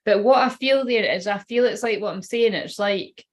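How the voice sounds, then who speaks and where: A woman's voice: mid-range voice, normal speed. A woman reading oracle cards in a casual, rambling livestream chat, swearing now and then. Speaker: tarot card reader.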